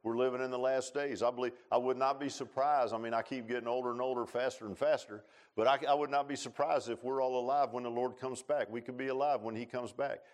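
A man preaching a sermon in a church, telling stories in a folksy way and swinging between loud rises and quiet low passages. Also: steady tone, quick pace. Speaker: pastor. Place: church sanctuary.

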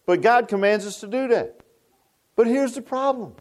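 Folksy pastor, high voice. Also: male voice, moderate pace, a little mellow. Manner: folksy, rambling with restarts and asides. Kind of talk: sermon.

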